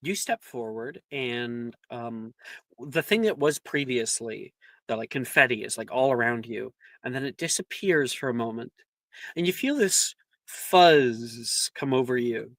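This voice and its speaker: Chatty game master with a bright voice. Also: medium pitch, animated, measured pace, no echo. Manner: loose, chatty narration with many fillers. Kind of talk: narrating a tabletop game.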